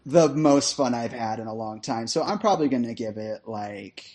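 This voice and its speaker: Casting note: man, guest on a movie podcast, playful, giggly, mid-pitched, reads a mock trailer. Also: expressive, normal speed, a little mellow, slight background noise. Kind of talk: casual podcast chat.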